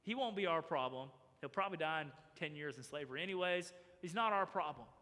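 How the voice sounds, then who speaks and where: Animated high-voiced pastor in a reverberant church. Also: male voice, quick pace. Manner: animated, acts out characters' voices. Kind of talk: sermon. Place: church sanctuary.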